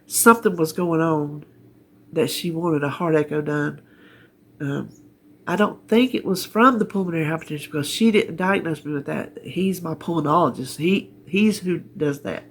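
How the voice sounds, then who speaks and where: A woman's voice: low voice, moderate pace, a little hiss or hum. A middle-aged woman with a Southern US accent, chatting casually in her living room in a rambling, homespun way on a health update vlog. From North Carolina, US. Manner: rambling, homespun, laughs easily. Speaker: vlogger. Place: living room at home, sitting in her chair.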